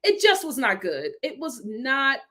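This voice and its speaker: A woman hosting a casual vlog review, animated and sassy, often laughing. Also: high voice, unhurried. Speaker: vlog host reviewing a reality show.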